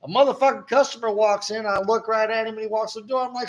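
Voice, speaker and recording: A podcast co-host with a notably high-pitched voice talks fast in casual, profane chat, venting bluntly and swearing constantly. His intonation is fairly even, and he coughs now and then between stories.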